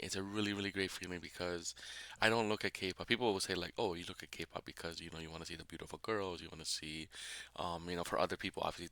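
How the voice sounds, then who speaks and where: Man, reaction host, deep bright voice, rambling and emotional, dry close sound. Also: dry recording. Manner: emotional, rambling with many fillers. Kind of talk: casual reaction commentary.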